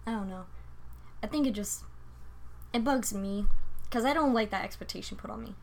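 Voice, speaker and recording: A young woman in her twenties co-hosting a casual late-night chat, blunt and deadpan. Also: mid-range voice, moderate pace, gravelly, slight background noise. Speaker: podcast co-host.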